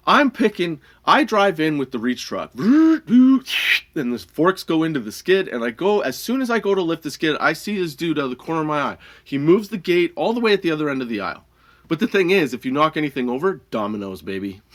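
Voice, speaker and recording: A man's voice: medium pitch, fairly bright tone. A man hosting a comedy podcast, telling a workplace story in a heated, profane, rambling way, often laughing between lines. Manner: rambling with many restarts and fillers. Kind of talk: casual storytelling monologue.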